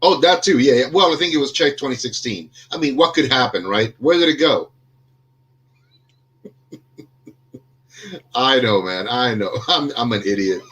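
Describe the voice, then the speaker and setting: A man's voice: mid-range voice, animated, normal speed, long pauses, a bit bright, husky. A man hosting a casual podcast over a video call, a little under the weather, joking at himself and rambling with lots of fillers. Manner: jokey, self-deprecating, rambling with many fillers. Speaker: podcast host.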